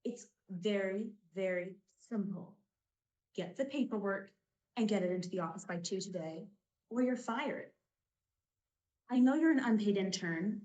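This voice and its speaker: A woman's voice: medium pitch, unhurried, pauses often, darkish tone, lo-fi sound, natural voice. A woman playing an impatient office boss snapping orders at an intern in a stage scene. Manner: curt, demanding. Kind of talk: stage monologue.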